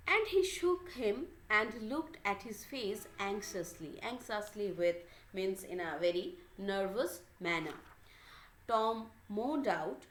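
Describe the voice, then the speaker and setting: A woman teacher reading a story aloud in halting phrases and stopping to explain word meanings. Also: mid-range voice, animated. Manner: halting, many fillers and restarts. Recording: echoey room.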